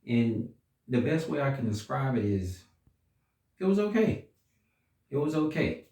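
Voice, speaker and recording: A man giving a casual, unhurried movie review, pausing and restarting often as he thinks. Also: medium pitch, darkish tone. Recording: roomy echo, distant from mic.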